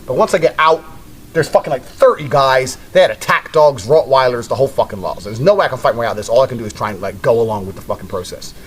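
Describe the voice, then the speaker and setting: A man's voice: mid-range voice, fast, breathy edge. A man telling a story in a blunt, casual way, with heavy swearing.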